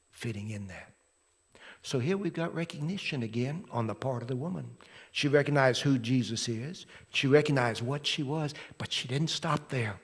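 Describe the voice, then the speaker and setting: A man preaching a sermon as pastor, telling the story dramatically and swinging from loud to hushed. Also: mid-range voice, creaky, husky. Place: church sanctuary. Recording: long hall reverb from a church.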